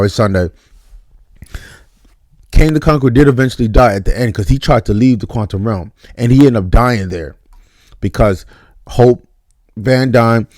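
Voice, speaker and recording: A man giving a casual spoken movie review, blunt and animated, with mock voices and some cursing. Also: mid-range voice, no room sound, studio quality.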